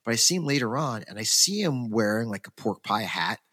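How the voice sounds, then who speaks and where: A man, a podcast co-host, telling a long story in casual chat, rambling and animated with many fillers and restarts. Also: on the low side, fairly quick, no room sound.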